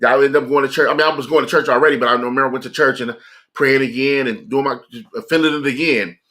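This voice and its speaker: A man's voice: medium pitch, steady tone, fast talker, pushed and bright. A man on a livestream telling a heartfelt personal story in a casual, earnest way, often repeating phrases for emphasis. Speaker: livestreamer sharing a personal testimony.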